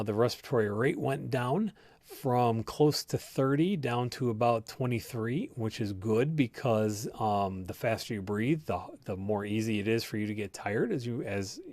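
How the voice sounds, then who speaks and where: A man talks through health findings in a relaxed, explanatory way, often stopping to restart a thought. His voice sits at an ordinary middle pitch. It sounds close and dry, with no room echo. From United States. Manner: conversational, explanatory, many fillers and restarts. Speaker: host and clinician. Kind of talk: live-stream health talk, reading viewer comments.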